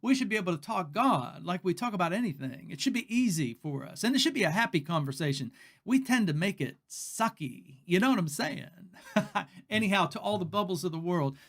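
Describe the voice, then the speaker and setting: A man's voice: high voice, lively intonation, normal speed, creaky, fairly bright tone. A man teaching the Bible in a casual, folksy way, chatty and laughing at his own jokes.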